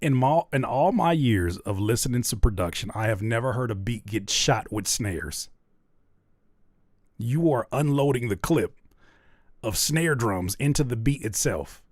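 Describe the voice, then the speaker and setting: A man hosting a live music critique show, ranting with animated, exasperated humor. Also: medium pitch, a little slow, dry recording. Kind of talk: livestream music feedback, casual and comedic.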